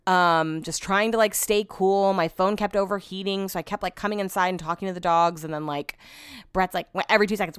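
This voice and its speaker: A woman's voice: mid-range voice, fast, fairly bright tone, clean tone, no room sound, clean studio sound. A young woman hosting a casual chat show, telling stories animatedly, swearing freely and acting out what others said. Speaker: podcast host.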